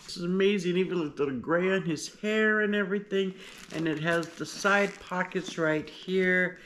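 A woman hosting a casual unboxing vlog, talking in a gushing, excitable way. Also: lowish voice, normal speed, background noise. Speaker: vlogger host. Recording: paper crinkling and clicks behind.

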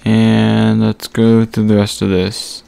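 Slow, gravelly-voiced man narrating gameplay. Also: on the low side, monotone, dark tone, no room sound. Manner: thinks aloud while sorting items, many pauses and fillers. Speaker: gaming channel host. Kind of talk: casual gameplay commentary.

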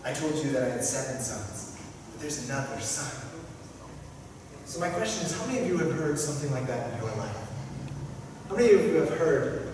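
A man preaching a sermon as pastor, emphatic, with repeated phrases and dramatic pauses. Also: mid-range voice, big pitch swings, background noise. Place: church sanctuary. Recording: echoey church hall from far off.

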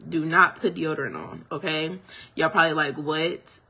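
This small-business hairstylist speaks in a low voice with big pitch swings, pushed and bright and slightly rough, at a moderate pace. She gushes over her products in a casual reveal vlog, a bit tongue-tied from her retainers.

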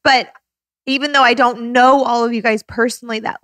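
A woman's voice: fairly high pitch, steady tone, brisk, a bit bright, no room sound. A woman in her thirties hosting a podcast, talking in a heartfelt, effusive way while close to tears. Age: 30s. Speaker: podcast host. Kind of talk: emotional casual podcast talk.

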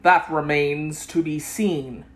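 A stubborn, heartless sorcerer from a storybook, drawing out every word in a low, unhurried voice, as a woman reader puts him on. He sounds smug and cold. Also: slightly rough, heavily acted. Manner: slow, flat, stubborn. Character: slow cold thorny male sorcerer, smug.

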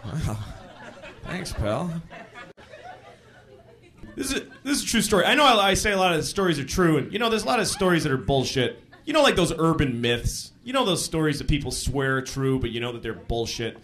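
A man performing a stand-up set on a live stage, talking conversationally with incredulous asides and sudden loud outbursts. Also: a little high, big pitch swings, brisk. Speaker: stand-up comedian.

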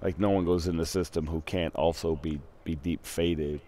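A young man at his computer chats casually in a voice channel, rambling, cursing and drifting off topic. His voice sits low and dark, with a steady tone at normal speed.

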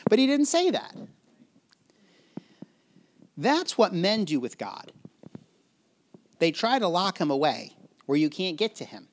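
A man's voice: sits high, sing-song, unhurried, long pauses. A man preaching a sermon in a conversational way, often asking his listeners questions and chuckling as he explains a scripture passage. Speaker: pastor.

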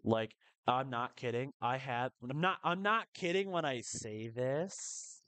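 A man giving live commentary on his own gameplay, excitable and quick to burst into strings of repeated protests. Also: mid-range voice, no echo. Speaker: live streamer.

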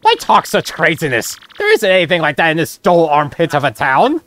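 A woman's voice: sits low, sing-song, fairly quick, fairly bright tone, dry recording, pitched below the performer's own voice. Woman putting on a boastful rich merchant man. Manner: theatrical fake-Italian phrasing, grand boasts. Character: pompous rich male merchant, dramatic and greedy. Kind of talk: voicing game dialogue aloud.

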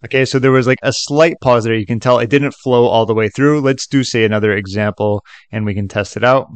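A man at a middling pitch, talking casually through a tutorial and filling his sentences with "like" and "okay". His voice sits close and dry on a desk mic, with no room sound. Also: fairly even intonation, fairly quick, smooth, no room sound. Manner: loose and chatty, many fillers like "like" and "okay". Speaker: tutorial host. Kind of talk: casual screen-recorded tutorial.

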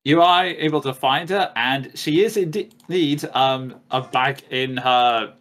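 A man's voice: medium pitch, a bit bright. Man running a tabletop game. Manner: halting, restarts words often. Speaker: game master.

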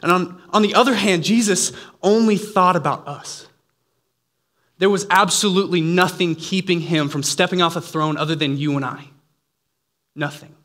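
A man's voice: high voice, normal speed, a bit bright. A man preaching a sermon in an earnest, conversational way, slipping in playful asides.

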